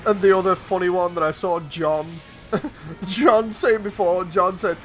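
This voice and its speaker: A man's voice: high-pitched, fairly even intonation, unhurried, fairly bright tone, faint music behind. A man streaming, telling amused anecdotes in casual chat and chuckling often.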